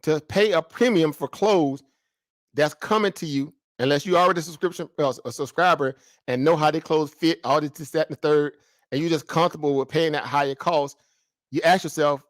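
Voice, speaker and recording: A man talks through stock charts in a loose, slangy way, and keeps posing rhetorical questions before he answers them. His voice sits a bit high and sounds dry and close to the mic. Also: a little fast, no echo. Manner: rhetorical questions, slangy and animated, mimics traders. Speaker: market commentary host. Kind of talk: casual stock market commentary.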